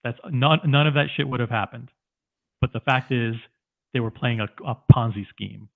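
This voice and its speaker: A man's voice: medium pitch, normal speed, gravelly. A man talking in a livestream chat, emphatic and repeating himself as he makes his point. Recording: tinny phone-like call audio.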